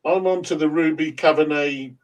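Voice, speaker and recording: A man's voice: on the high side, normal speed. A middle-aged man with an English accent, chatting casually with friends, swearing freely and laughing often as he tells stories. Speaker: host of a chat stream. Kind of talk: casual chat among friends.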